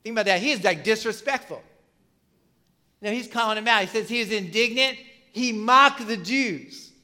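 Man, pastor, sermon, chatty preaching, high voice, bright tone. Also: fast. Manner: conversational preaching with rhetorical questions and fillers.

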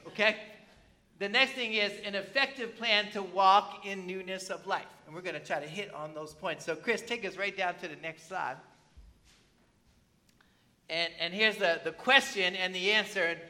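A pastor preaching a conversational sermon in church, often asking the congregation questions. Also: male voice, high-pitched, pushed and bright. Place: church with slides on a screen.

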